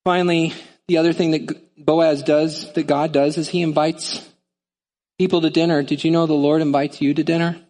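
Male pastor, sermon, conversational, animated, acts out voices, somewhat high voice. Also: normal speed, in a large hall.

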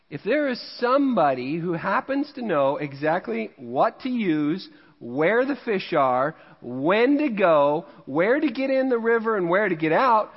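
A man from Missouri preaching a sermon as pastor, telling a fishing story in a conversational, self-mocking way with frequent laughs. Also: sits high. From Missouri, USA. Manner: jokey, conversational, laughs at himself. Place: church sanctuary. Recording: dull, long-reverb church hall recording.

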